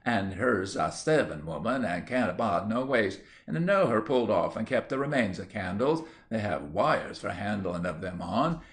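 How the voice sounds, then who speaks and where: A man's voice: on the low side, animated, normal speed, few pauses, lightly acted. A man voicing a good-natured young country lad who chats in broad rustic dialect. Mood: chatty.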